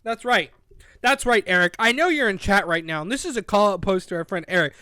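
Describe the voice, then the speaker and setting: A man's voice: high voice, expressive, brisk, bright, forceful tone, clear, resonant tone, dry recording, studio quality. A man co-hosting a casual online talk show, recapping a childhood book in a rambling, profane way and slipping into goofy character voices. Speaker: podcast co-host.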